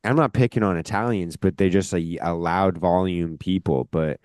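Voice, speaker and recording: A deep-voiced man hosts a relaxed podcast, wandering through his thoughts with plenty of filler words. He talks with a loud, forceful edge that can come off as yelling. The sound is dry and close. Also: moderate pace, clean tone, no room sound. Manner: rambling, heavy on filler words. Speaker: podcast host. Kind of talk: casual podcast conversation.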